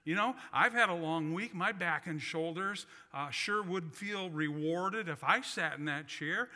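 A man's voice: high voice, a little slow, sharp tone. A man preaching a sermon, telling a personal story with folksy, self-deprecating humor. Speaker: pastor. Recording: long reverb of a large hall.

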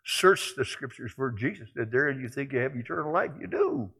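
An older man preaching a sermon, telling folksy stories and moving between quiet musing and loud exclaiming. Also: mid-range voice, big pitch swings, normal speed, gravelly, husky. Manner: folksy storytelling.

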